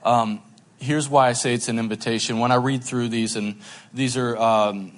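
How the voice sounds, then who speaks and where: A man's voice: mid-range voice, fairly even intonation, moderate pace. A middle-aged man preaching a sermon in a conversational, self-deprecating way, with asides to the congregation. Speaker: pastor.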